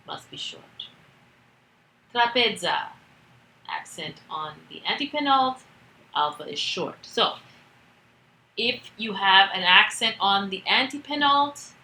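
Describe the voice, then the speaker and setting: Woman, teacher, patient step-by-step explaining, slow pace, echoey room. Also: medium pitch, sharp tone. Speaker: Greek teacher. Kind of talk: recorded grammar lesson.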